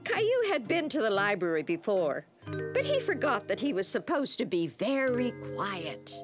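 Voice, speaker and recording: A woman narrating a preschool cartoon in a warm, even storytelling manner. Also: a little high, moderate pace. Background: children's music.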